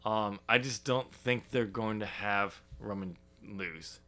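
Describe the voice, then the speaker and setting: A man's voice: fairly low pitch, takes it slowly, sharp tone. A man co-hosting a casual wrestling podcast, teasing his partner and rambling with plenty of fillers. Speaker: podcast co-host.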